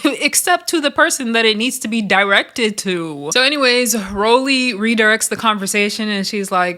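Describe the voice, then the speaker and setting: A woman's voice: mid-range voice, normal speed, bright, forceful tone. A woman giving a casual, opinionated recap of a reality show, laughing often and swearing freely.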